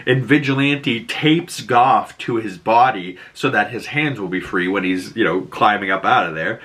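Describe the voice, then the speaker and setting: Boston guy, casual recap host, lively and profane, bright forceful tone. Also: lowish voice. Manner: animated retelling with profanity and acted-out quotes.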